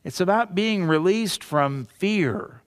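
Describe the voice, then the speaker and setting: A male pastor delivering a sermon in a fairly high voice, pressing his points with emphatic repetition and rhetorical questions. The recording is dry and close, with little room sound. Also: lively intonation, takes it slowly, no echo.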